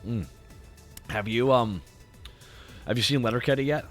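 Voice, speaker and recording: A man's voice: mid-range voice, normal speed, soft background music. A Canadian man with a Canadian accent, hosting a stream in rambling casual chat, swearing freely and restarting his sentences. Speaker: streamer host.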